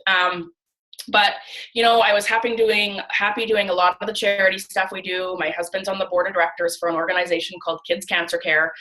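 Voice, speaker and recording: A chatty woman in her thirties, from Canada, with a crisp, bright tone. She tells her story casually over a video call and jumps into the voices of the people she quotes. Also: medium pitch, rough recording. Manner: chatty, animated, acts out quoted dialogue. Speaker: guest speaker on a training call.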